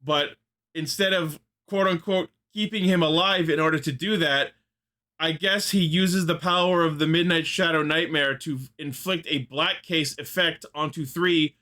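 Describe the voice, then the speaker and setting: Bright-voiced man recapping an episode. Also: fairly high pitch, fairly even intonation, moderate pace. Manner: enthusiastic, recaps plot in detail, swears casually. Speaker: podcast co-host. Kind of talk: casual fan discussion podcast.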